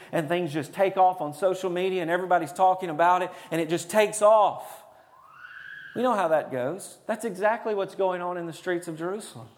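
A pastor delivering a sermon in a high, bright male voice. He moves between loud, drawn-out declarations and low, hushed stretches, pressing his points on the congregation. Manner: dynamic preaching, swings from loud declaring to hushed intensity.

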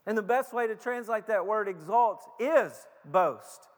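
Male pastor preaching, high-pitched, unhurried, emphatic with stumbling restarts; big hall reverb. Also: animated. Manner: emphatic preaching with repeated stutters and slowed, stressed phrases. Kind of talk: sermon.

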